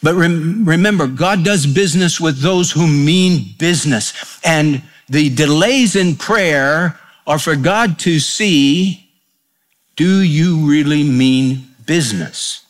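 Man, pastor, sermon, folksy storyteller, fairly high voice. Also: slow. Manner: folksy storytelling, acts out quotes.

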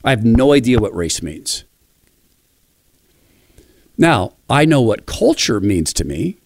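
A middle-aged man from the Pacific Northwest of the United States talks through personal stories in a reflective, enthusiastic way. His voice sits at a medium pitch. The recording is dry and close. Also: sing-song, slow pace, creaky, no room sound. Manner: warm storytelling, enthusiastic and reflective. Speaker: speaker.

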